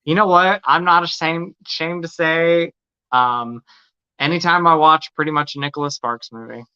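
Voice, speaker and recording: A man co-hosting a casual horror talk stream, excitable and gushing about films. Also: fairly high pitch, moderate pace, clean tone, highs cut off. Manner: excitable, gasps, gushes. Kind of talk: casual chat.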